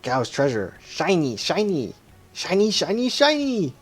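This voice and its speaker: Casting: an excitable feral boy with broken, childlike grammar, voiced high and bouncy in a game read-aloud, as a man puts him on. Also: a little slow, soft background music, full character voice. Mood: excited.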